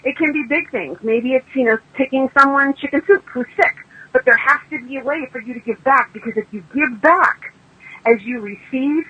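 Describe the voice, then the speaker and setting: A woman's voice: sits high, moderate pace, husky, phone-quality sound. A woman author being interviewed, telling stories in a chatty, emphatic way and acting out the people she quotes. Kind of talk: casual interview storytelling.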